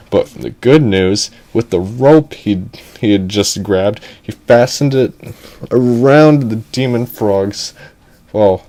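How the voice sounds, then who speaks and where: A man telling an improvised story in a rambling, excitable way, often chuckling. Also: fairly low pitch.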